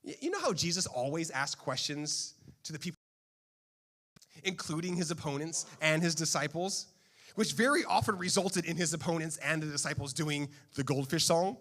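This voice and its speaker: A male pastor preaching a sermon in a playful, animated storytelling manner. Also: on the high side, moderate pace.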